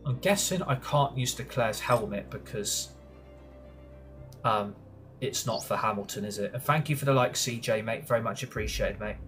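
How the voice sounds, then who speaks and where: A man's voice: lowish voice, normal speed, a bit bright, faint music behind. A young British man streaming a racing game, chatting casually, grumbling and swearing when frustrated. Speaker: gaming streamer. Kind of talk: live gameplay commentary.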